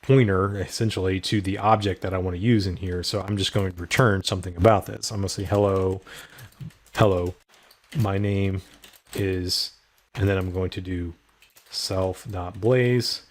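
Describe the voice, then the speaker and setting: A middle-aged man with a somewhat low voice teaches programming in a screen-recorded tutorial. He talks through each line of code step by step, with many small "uh"s along the way. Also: fairly even intonation, a little fast. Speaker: programming instructor.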